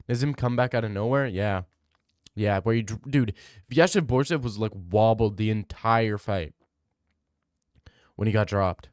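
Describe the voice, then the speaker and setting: A man's voice: lowish voice, measured pace, long pauses, a little mellow, no echo, clean studio sound. A young man streaming, chatting casually as he reads his live chat, rambling and opinionated, repeating himself.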